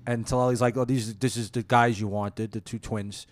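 A man's voice: medium pitch, flat delivery, normal speed, dry recording. A man co-hosting a podcast, casually telling a comedy story with laughs and swearing.

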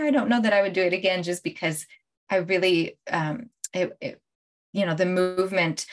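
A middle-aged woman speaks casually to her livestream viewers as a coach. She is animated and chatty and breaks into laughter often as she tells her stories. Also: on the low side. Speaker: life coach hosting a livestream. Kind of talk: casual live-stream talk to viewers.

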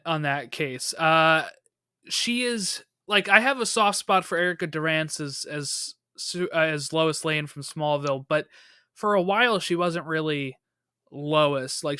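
A man's voice: fairly high pitch, clear, resonant tone, no room sound, studio quality. A man talking casually about a TV show, loose and filler-heavy. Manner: relaxed, hedging with fillers. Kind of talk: casual pop-culture chat.

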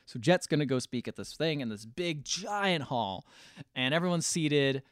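A man's voice: a little high, lively intonation, dry recording, clean studio sound. Casual man recapping a movie. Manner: retells scenes, acting out quotes in quick voices. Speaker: podcast co-host.

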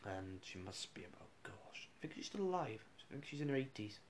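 A man's voice: medium pitch, sing-song, brisk, slight background noise. A man, a radio presenter, casually rambling through funny school anecdotes with restarts and chuckles.

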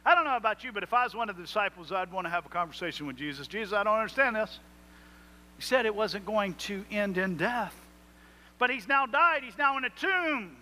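Man, pastor preaching, high voice, bright tone, emphatic rising delivery. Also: animated, a little fast. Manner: preaching with rising emphatic swells and quoted prayers. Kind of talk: sermon.

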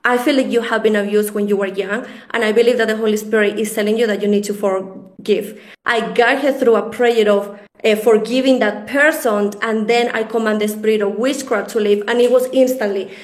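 A woman's voice: fairly high pitch, steady tone, fairly quick, hardly any pauses, reverberant. A woman guest sharing a testimony in earnest, slightly non-native phrasing. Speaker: guest speaker. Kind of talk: testimony in casual chat.

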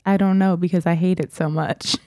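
A woman's voice: on the low side, fairly even intonation, brisk, dark tone, dry recording, clean studio sound. A young woman co-hosting a podcast, frank and emphatic in casual chat, swearing often. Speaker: podcast co-host.

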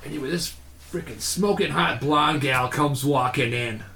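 Bright-voiced man telling stories in a roomy space. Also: mid-range voice, moderate pace. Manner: animated, acts out quoted voices, laughs often. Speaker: podcast guest telling stories. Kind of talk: casual storytelling chat.

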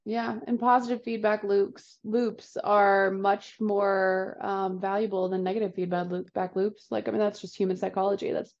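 A woman's voice: mid-range voice, little pitch movement, normal speed, hardly any pauses, darkish tone. A woman hosting a casual podcast chat, emphatic and encouraging, rambling through her points. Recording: slightly dull lo-fi audio.

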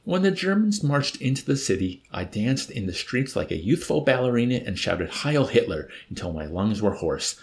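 A man's voice: mid-range voice, very animated, normal speed, few pauses, voice pushed up. A man voicing a suave, mocking villainous old man in an audiobook. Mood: gloating. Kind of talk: audiobook character voice.

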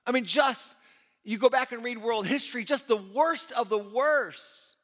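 High, bright-voiced male pastor preaching. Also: measured pace, long reverb tail. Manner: animated preaching, voicing prophet and God in dialogue. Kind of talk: sermon.

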